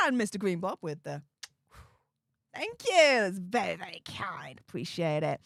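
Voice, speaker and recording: A woman's voice: medium pitch, big pitch swings, takes it slowly, vocal fry, pauses often, a bit bright, no echo, clean studio sound. A woman hosting a casual live stream, reading chat messages and answering them bluntly, with frequent laughs and fillers. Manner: chatty and blunt, laughs often, many fillers.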